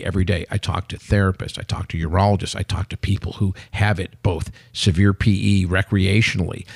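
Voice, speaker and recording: A man in his sixties, a company head guest on a podcast, telling stories in an animated, emphatic, salesman-like way. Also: lowish voice, creaky, no room sound, clean studio sound. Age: 60s. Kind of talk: casual interview chat.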